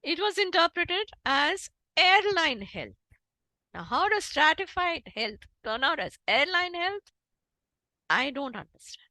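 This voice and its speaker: Woman, Indian English accent, high lively voice, emphatic lecturing style; dry close recording. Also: a little slow, no echo, rough recording. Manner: emphatic, animated lecturing with demonstrations. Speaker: guest speaker on interpreting. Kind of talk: online talk.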